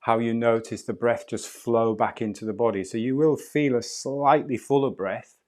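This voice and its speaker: A man leading a guided breathwork class, speaking slowly, softly and calmly. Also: mid-range voice. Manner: slow, soft and calm guidance. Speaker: breathwork instructor.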